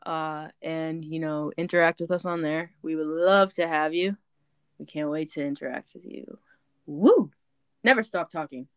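A woman's voice: sits low, normal speed, clean tone, no echo. A young woman co-hosting a podcast in casual chat, playful and teasing, laughing often. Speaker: podcast co-host.

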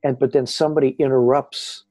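A man who is a guest on a podcast, telling stories in an animated, excited way. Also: medium pitch, brisk. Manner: excited, lively retelling. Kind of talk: animated storytelling.

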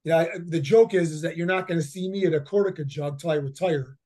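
A man's voice: a little high, quick pace, warm tone. A man in his fifties, a head football coach, telling stories in a casual interview, rambling with many fillers and repeated words. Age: 50s.

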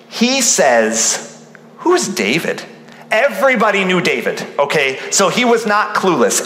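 A man delivers a lively sermon, slipping into the voices of the people he quotes. His voice is bright and slightly raised, and the room answers with a big, roomy echo. It sounds like a church sanctuary recording. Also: on the high side. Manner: animated preaching, acting out quoted voices. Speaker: pastor. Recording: roomy hall reverb.

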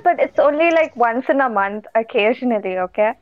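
A woman's voice: fairly high pitch, expressive, fairly quick, no echo, muffled recording. A woman guesting on a podcast, chatting casually with a playful, sarcastic streak. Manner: playful, sarcastic, laughs often. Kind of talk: casual chat.

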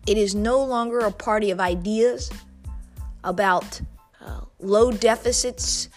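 A woman's voice: a little high, a bit bright. A woman as a political commentator, giving an impassioned monologue in a fervent, preacher-like cadence full of repetition.

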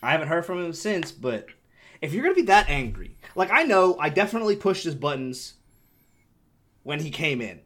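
A young man with an animated delivery, casually telling a story on a podcast, swearing freely and acting out the voices of the people in it. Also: a little high, normal speed. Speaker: podcast co-host.

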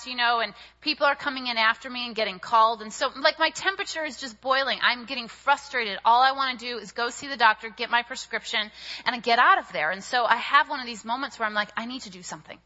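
A woman with a bright, forceful voice preaches, telling her story in an animated, chatty way full of fillers. Her voice sits a little high and rings out with a long hall reverb. The sound is dull, with the top end rolled off. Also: a little fast. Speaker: speaker at a church service. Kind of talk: sermon with personal storytelling.

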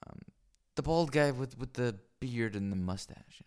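A man's voice: medium pitch, expressive, measured pace, a little mellow. A man talking alone into a microphone on a stand in a small home room, rambling and crude, with many fillers and restarts. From lives in Los Angeles. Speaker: solo podcaster. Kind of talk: rambling solo monologue.

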